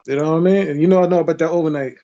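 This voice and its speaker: A man joining a livestream as a guest, chatting casually with animated, slangy storytelling. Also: on the high side, rapid-fire, muffled recording. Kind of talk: casual chat.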